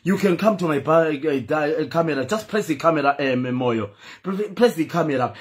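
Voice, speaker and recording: A man's voice: on the high side, animated, normal speed. A Zimbabwean man hosting a live stream, pleading and emphatic as he speaks. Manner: pleading, emphatic, switches between English and Shona. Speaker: host. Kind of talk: impassioned live-stream talk.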